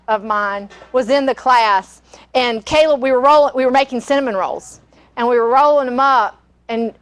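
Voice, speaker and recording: Middle-aged woman, chatty cooking-class teacher, high-pitched, rambling storyteller who laughs easily. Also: fairly bright tone. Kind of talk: live cooking demonstration with stories.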